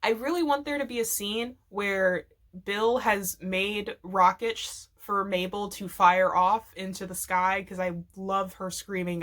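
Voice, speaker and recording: A woman's voice: medium pitch, pushed and bright. A woman vlogger casually telling a rambling, profanity-laced story, laughing often as she goes.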